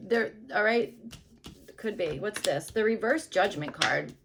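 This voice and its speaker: A woman doing a casual tarot reading to camera, rambling loosely with lots of fillers and hedges, dropping to soft murmurs now and then. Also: mid-range voice, expressive, unhurried, a little hiss or hum. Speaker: tarot reader.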